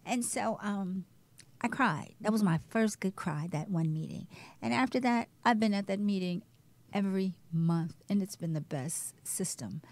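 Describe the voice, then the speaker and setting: A woman guest telling her personal story in a candid, animated way, dropping to a hush at times. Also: medium pitch, normal speed. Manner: candid, animated, shifts between loud and hushed. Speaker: guest, breast cancer survivor. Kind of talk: emotional personal testimony.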